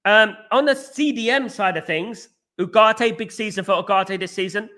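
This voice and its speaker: Guy hosting a live chat, high bright voice, talks super fast and buzzing, keeps tripping over his words. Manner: talks fast and excitedly, many restarts, says mate. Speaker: show host reading viewer comments.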